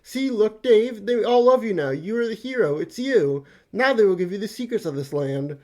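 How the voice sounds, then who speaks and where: A man's voice: high-pitched, animated, moderate pace, darkish tone. A man voicing a gleeful, teasing teenage troll girl while reading a comic aloud. She talks in playful, sing-song bursts. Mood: excited.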